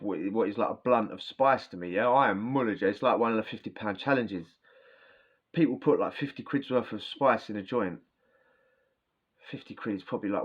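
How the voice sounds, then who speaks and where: A vlogger with a fairly low voice tells prison stories casually into his camera's mic, and the sound is lo-fi. He rambles, swears, uses slang and keeps ending lines with "yeah?"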